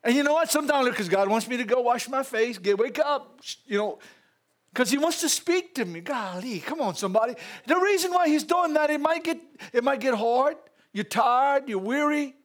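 Speaking at normal speed in a very high-pitched voice, the pastor preaches with a Louisiana Southern accent. His church sermon features energetic call-outs and asides, laughing, to the congregation.

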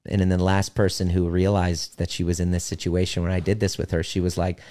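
Deep voiced guy coaching on relationships, blunt, swears sometimes, slows down for emphasis. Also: level tone, dark tone. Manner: slows down to stress key points. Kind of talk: motivational talk to listeners.

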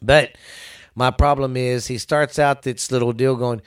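A man's voice: mid-range voice, fairly even intonation, measured pace, clean tone. Blunt, foul-mouthed man ranting. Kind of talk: casual ranting chat.

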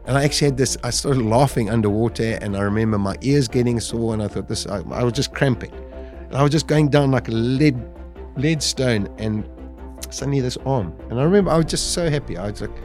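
A man's voice: medium pitch, brisk, a little mellow, soft background music. A man telling a survival story as an interview guest, acting out the words he and others once said. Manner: vivid storytelling that acts out its own remembered speech.

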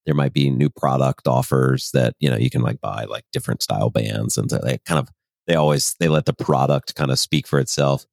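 A man's voice: extremely low pitch, brisk, vocal fry, a little mellow, no echo, studio quality. A man co-hosting a podcast in casual chat, rambling and agreeable, often correcting himself mid-phrase. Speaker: podcast co-host.

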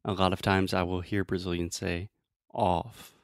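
A man teaching English pronunciation in a casual, playful way, explaining slowly with many examples. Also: deep voice, completely flat delivery, no room sound, studio quality.

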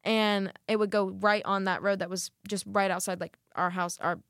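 A young woman tells a long workplace story in casual podcast chat, her sentences loose and full of fillers. Her voice sits at an ordinary middle pitch, recorded dry and close. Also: moderate pace, dry recording. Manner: rambling, many "like" fillers, animated retelling. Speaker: podcast co-host.

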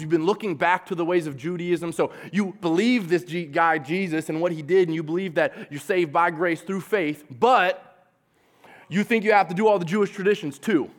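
Male preacher, slightly high voice, casual and animated sermon delivery. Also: brisk. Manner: animated, casual, acts out quotes in a lively voice.

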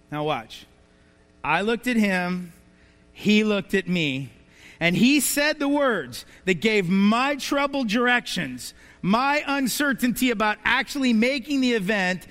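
A man's voice: high-pitched, a bit bright. A man preaching a sermon as a pastor, telling stories and asking the congregation rhetorical questions. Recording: reverberant hall.

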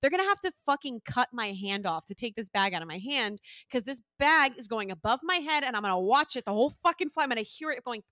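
Fast, bright-voiced young-sounding woman storyteller. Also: on the high side, dry recording, studio quality. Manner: animated storytelling, swears a lot; acts out others' lines in raised voice. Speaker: podcast co-host. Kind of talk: casual chat.

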